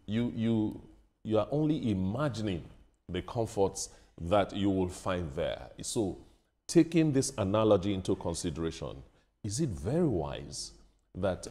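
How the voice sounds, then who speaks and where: A man hosting a TV news panel, asking measured questions built around an analogy and laughing along with guests. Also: deep voice, warm tone. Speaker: news show host. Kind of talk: TV interview questioning.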